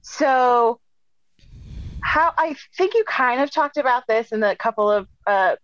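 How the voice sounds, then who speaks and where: A woman's voice: on the high side, expressive, a little slow, fairly bright tone, no room sound, highs cut off. Enthusiastic woman host, dry sound. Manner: enthusiastic, laughs along. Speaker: interview host, comedian. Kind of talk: casual interview chat.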